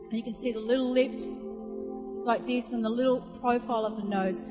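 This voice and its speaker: A woman preaching a sermon, telling a personal story in an animated way and acting out other people's voices. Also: fairly high pitch, fairly quick. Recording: live sermon in a reverberant hall with music behind.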